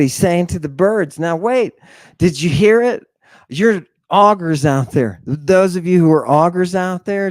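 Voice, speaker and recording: A man's voice: medium pitch, darkish tone, dry recording. A man hosting a talk show, giving theatrical commentary on scripture with mocking, preacher-like calls to his audience and many rhetorical questions. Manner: rhetorical questions, drawn-out emphasis. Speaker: podcast host.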